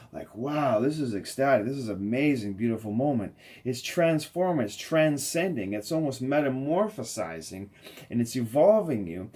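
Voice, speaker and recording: Man, husky voice, inspirational spiritual speaker; effusive, swings from hushed to soaring. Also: medium pitch. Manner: effusive, swinging from soft murmurs to loud, soaring emphasis. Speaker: spiritual healer.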